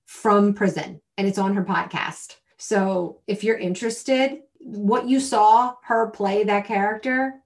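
A woman in her thirties co-hosting a podcast in casual chat, talking in an animated way and laughing often. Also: mid-range voice, slow, hardly any pauses. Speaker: podcast co-host.

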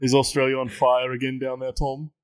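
A man as a smug mock Brit ribbing his mates; mid-pitched, jokey. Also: monotone, fairly quick, natural voice. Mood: teasing. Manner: jokey, exaggerated, ribbing others. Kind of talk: put-on accent bit in podcast banter.

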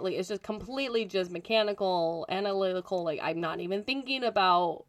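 A woman co-hosting a casual podcast, chatty and quick to laugh, her voice a bit rough from a recent cold. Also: medium pitch, dry recording. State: recovering from a cold. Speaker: podcast co-host and editor.

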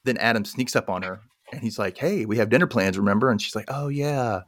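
In a dry recording, a podcast co-host with a fairly low voice briskly runs through a film's story. He's animated and casual, voicing the characters' lines as he goes.

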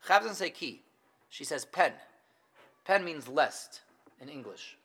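A middle-aged man teaching a Torah class, animated, questioning his students and acting out what the figures say. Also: on the high side, measured pace, pauses often.

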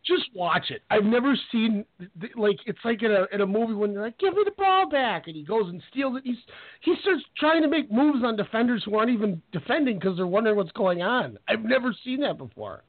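A man hosting a sports radio show, telling stories with animated energy and acting out the players in quoted voices. His voice sits a bit high for a man. The sound is tinny and narrow, like a phone line. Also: brisk. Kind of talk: casual sports radio chat.

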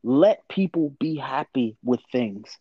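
A man's voice: medium pitch, expressive, gravelly, husky, no room sound. A laid-back man co-hosting a podcast talks bluntly and simply. His voice comes through dull and lo-fi, with a dry close sound. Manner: laid-back, blunt, quick murmured agreements. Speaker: podcast co-host. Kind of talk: casual chat.

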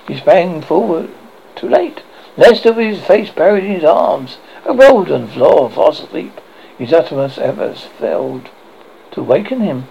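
A man reading a horror story aloud as host, with a dramatic, expressive delivery. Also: fairly high pitch, a little slow, vocal fry, slight background noise. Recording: dull lo-fi recording.

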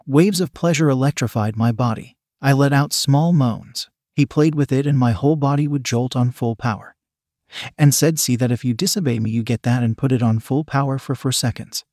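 A man's voice: mid-range voice, normal speed, a little mellow, no echo, clean studio sound. A man steadily reading a first-person erotic story aloud. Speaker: narrator.

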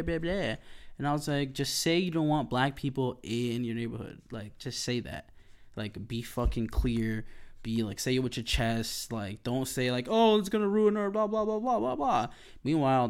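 A man hosting a podcast, talking in a loose, rambling, heated rant full of swearing. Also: mid-range voice. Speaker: podcast host. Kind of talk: casual monologue rant.

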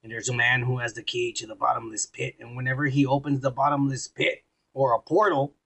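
A man's voice: mid-range voice, level tone, a little fast, creaky, pushed and bright, husky. A man co-hosting a casual drinking podcast, profane and rowdy, reading out viewer comments.

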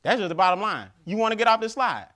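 A man giving a motivational keynote speech, telling stories with animated, emphatic repetition. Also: sits high, fast talker. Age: adult father. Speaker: keynote speaker.

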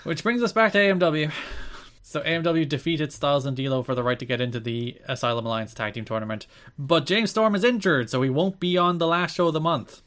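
Animated male podcast co-host. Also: fairly high pitch, a little fast. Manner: animated, with playful mock outrage. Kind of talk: casual chat.

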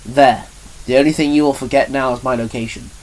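A man voicing a calm, sarcastic male guardian of time who speaks sternly and dryly. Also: medium pitch, brisk, lightly acted, low-quality recording.

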